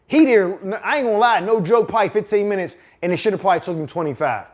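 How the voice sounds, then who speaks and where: A man from Pittsburgh spins a personal story in casual street slang and heavy profanity. His voice sits high for a man, and the delivery stays animated and conversational. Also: fast.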